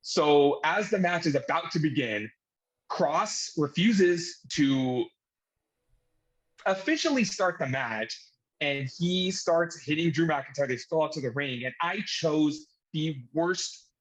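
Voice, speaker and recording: Guy cohosting a podcast, kinda high voice, tells stories all animated and cracks himself up. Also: slow pace, slightly rough, rough recording. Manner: animated storyteller, laughing at himself. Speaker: guest co-host. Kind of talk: casual storytelling on a podcast.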